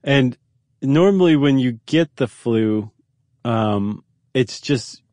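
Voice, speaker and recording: Male co-host, mid-pitched voice, dry close mic, curious and explanatory. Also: expressive, takes it slowly, darkish tone, no echo. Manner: curious, explanatory, frequent fillers. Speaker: podcast co-host. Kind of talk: casual conversational chat.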